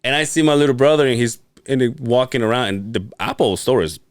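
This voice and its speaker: A podcast host with a mid-range voice talks quickly, recorded in clean studio quality with no room sound. Telling a story in casual chat, he swears freely and acts out quotes with laughter, an animated and profane storyteller.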